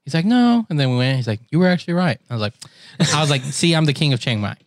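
A young man telling a story in casual chat, animated, laughing and mimicking other voices. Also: mid-range voice, rapid-fire, no room sound, clean studio sound.

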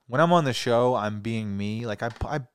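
A man's voice: medium pitch, moderate pace, clean tone, dry recording. A man hosting a casual podcast chat as a stand-up comedian, laughing often and swearing casually.

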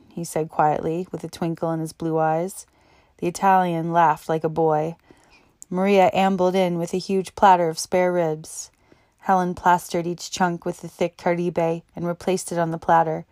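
A woman reading a novel aloud as narrator, in a steady, even way. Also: on the low side, normal speed, dry recording, studio quality. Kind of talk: audiobook narration.

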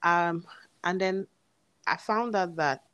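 A woman's voice: on the low side, slow pace, fairly bright tone, dry recording, dull audio. A woman, earnestly retelling a personal story and acting out the dialogue. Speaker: guest telling her story.

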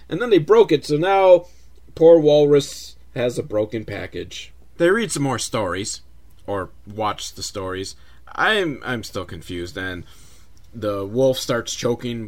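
A man hosting a comedic movie recap, sarcastic, profane and rambling. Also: medium pitch. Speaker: host, film reviewer.

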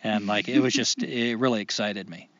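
A man's voice: on the low side, normal speed, fairly bright tone, muffled recording. A man co-hosting a casual podcast, musing in a reflective, emphatic way. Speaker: podcast co-host.

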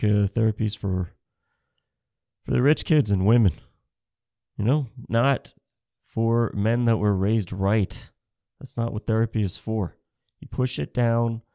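Man, 30s, stand-up comedy, gravelly, dark tone, dry sound. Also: on the low side, no room sound. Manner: rambling, profane, self-mocking.

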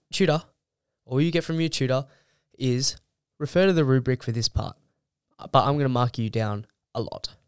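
A man's voice: mid-range voice, darkish tone, clear, resonant tone, no room sound, clean studio sound. A young man, a university student, ranting bluntly and heatedly in a casual monologue, swearing freely. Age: young adult.

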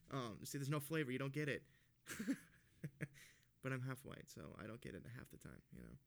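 A man's voice: mid-range voice, very animated, moderate pace, gravelly, long pauses. A man co-hosting a casual podcast, telling a story in a profane, ranting way, still worked up and heated. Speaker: podcast co-host.

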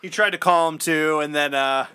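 A man's voice: a little high, normal speed, pushed and bright, clean tone, dry recording. A man in a casual comedic movie recap, joking and slipping into exaggerated impressions. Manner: jokey, does exaggerated character impressions. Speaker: podcast co-host.

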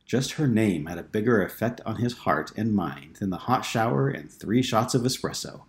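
Low-voiced man narrating an audiobook. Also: expressive, moderate pace, few pauses.

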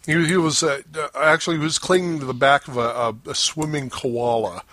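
A man's voice: fairly high pitch, steady tone, brisk, fairly bright tone. A man co-hosting a podcast over an online voice call, joking around and laughing often. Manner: jokey, laughs often, spins absurd bits. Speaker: podcast co-host. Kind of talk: casual comedic chat.

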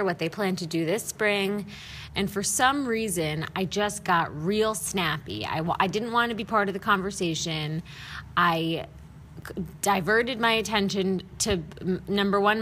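Woman, podcast host, bright clear tone, candid personal monologue, frank, self-deprecating, casual swearing. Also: medium pitch. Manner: expressive storytelling with acted-out quotes.

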